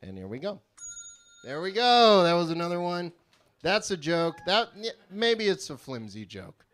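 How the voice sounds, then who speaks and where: Deadpan stand-up comedian, rambling. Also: male voice, on the high side, moderate pace. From California. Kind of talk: live stand-up set. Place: small live venue with audience.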